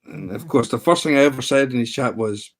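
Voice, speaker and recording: A man's voice: mid-range voice, a little fast. A man hosting a livestream, telling a story in a rambling, amused way with lots of restarts. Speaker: livestream host. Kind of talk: casual livestream chat.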